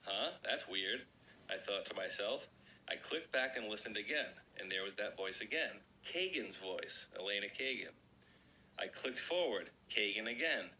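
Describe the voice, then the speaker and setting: A man with a slightly raspy voice hosting an online video, chatting casually and reading an article aloud to his viewers. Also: on the low side, animated, normal speed, bright, forceful tone, a little hiss or hum, poor audio. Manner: chatty, addresses viewers as guys.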